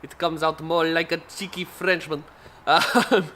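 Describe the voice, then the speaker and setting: A man's voice: on the high side, level tone, unhurried, pushed and bright, a little hiss or hum. A man with an English accent, hosting a car channel and talking casually to camera with many filler sounds and restarts.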